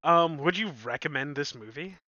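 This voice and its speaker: A young man with a higher, bright, tense voice, giggling and gushing as he co-hosts a casual movie podcast. The recording is dry and a little dull and lo-fi. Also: lively intonation, normal speed, dry recording. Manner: giggly, swears, enthusiastic. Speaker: podcast co-host.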